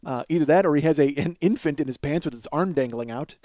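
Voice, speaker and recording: Male podcast comic, 40s, high-ish voice, rapid crude rambling riffs. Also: dark tone, dry recording. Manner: crude, self-mocking, laughs at his own jokes. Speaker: podcast host. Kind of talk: rambling comedic monologue.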